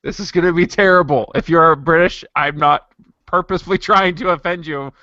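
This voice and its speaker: A man chatting casually as a podcast co-host, with a bright, forward tone. He rambles, hesitates and restarts often. The sound is dull and very dry. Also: on the high side, fairly quick, no room sound. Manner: rambling, full of fillers and restarts. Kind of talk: casual chat.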